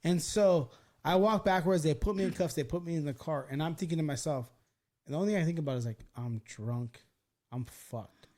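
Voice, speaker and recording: Man, podcast host, high voice, animated swearing storyteller. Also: fast talker. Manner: animated, profane, acts out quotes. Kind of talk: casual storytelling chat.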